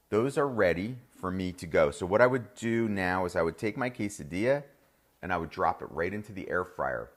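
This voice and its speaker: Hosting a live cooking demo from a kitchen, a middle-aged chef with a New Jersey accent talks eagerly to his viewers in a fairly low, fairly bright voice.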